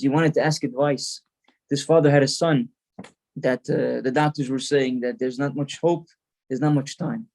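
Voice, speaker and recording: Earnest rabbi telling a story in a sermon. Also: male voice, mid-range voice, dark tone. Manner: earnest, repeats words while telling the story.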